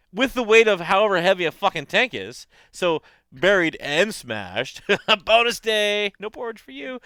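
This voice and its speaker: A man telling war-video stories in casual, profane podcast chat, animated and laughing often. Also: sits high, no room sound. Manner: animated storyteller, swears often, laughs a lot.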